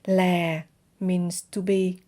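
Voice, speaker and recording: Slow, mellow-voiced Vietnamese woman teaching. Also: on the low side, flat delivery. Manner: careful, demonstrates words. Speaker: language teacher. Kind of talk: slow explanatory lesson.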